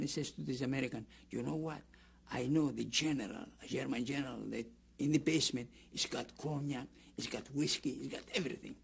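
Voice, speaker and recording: A man's voice: medium pitch, gravelly, breathy edge. An older man with a Greek accent giving an oral history interview, rambling through a story with restarts and acting out the people he quotes. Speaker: interviewee, camp survivor.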